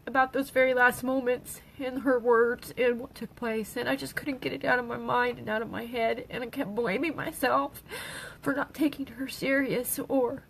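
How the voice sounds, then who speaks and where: Tearful middle-aged woman, fairly high voice, halting speech, personal livestream. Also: fairly even intonation, creaky, fairly bright tone, a little hiss or hum, rough recording. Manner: halting, with pauses and restarts. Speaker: grieving mother sharing her daughter's story.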